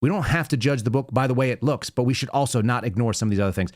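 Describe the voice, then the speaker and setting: Man, podcast host, quick pace, rambling chatty monologue, dry close sound. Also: medium pitch, no echo. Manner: rambling, conversational, with frequent fillers. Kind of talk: casual show monologue.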